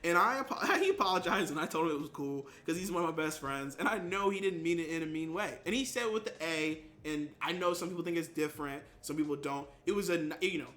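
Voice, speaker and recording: A young man streaming games and chatting casually with viewers, telling stories animatedly and acting out quotes with sudden jumps in pitch. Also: quick pace, few pauses, a bit bright. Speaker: gaming streamer.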